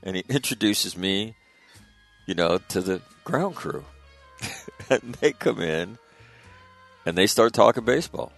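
A man's voice: fairly low pitch, lively intonation, measured pace, vocal fry, pauses often, a bit bright, soft background music. A middle-aged man telling stories about his late father in a casual, rambling way, full of fillers and restarts. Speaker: guest recalling his father. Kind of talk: casual spoken storytelling.

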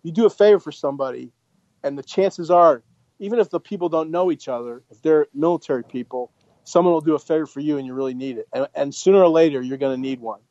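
A man's voice: fairly high pitch, fast talker, warm tone, dry recording, dull audio. A former Marine officer, a man, telling a blunt, profane story in casual conversation.

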